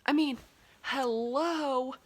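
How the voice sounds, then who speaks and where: A woman's voice: high voice, very slow. A young woman casually retelling a story, chatty and peppered with "like" and "um". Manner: chatty, full of "like" and "um".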